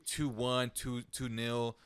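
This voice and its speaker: A man co-hosting a casual football podcast, relaxed, saying "dude" and easily amused. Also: medium pitch, slow pace, smooth. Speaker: podcast co-host.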